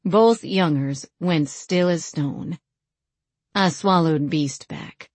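Low-voiced woman narrating fiction. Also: slow pace, a little mellow, no room sound. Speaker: audiobook narrator. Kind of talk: first-person fiction narration.

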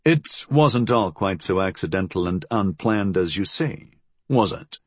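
Stern, blunt investigator, low and husky, male narrator voicing him. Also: animated, measured pace, no room sound, full character voice.

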